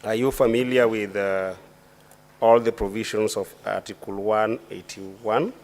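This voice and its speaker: A man, a senator questioning a witness at a formal impeachment hearing. He speaks deliberately and legalistically, often restarting his sentences. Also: lowish voice, fairly even intonation.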